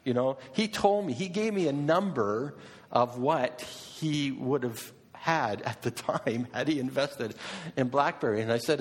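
A man's voice: medium pitch, a little slow. A middle-aged man preaching a sermon in a conversational way, asking his listeners question after question. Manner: conversational, asks the congregation repeated questions. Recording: long reverb of a hall.

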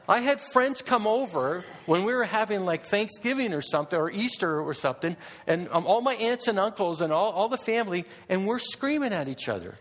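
Guy giving a talk to a crowd, high voice that swings all over, keeps asking questions and restarting. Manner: animated, rhetorical questions, frequent restarts. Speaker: speaker addressing an audience. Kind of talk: public talk.

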